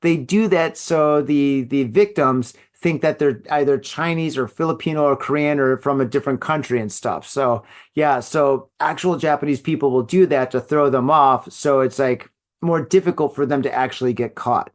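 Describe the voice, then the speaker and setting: A man's voice: medium pitch, normal speed. A middle-aged man hosting a solo podcast, rambling casually with lots of filler and laughing at his own jokes. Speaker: podcast host.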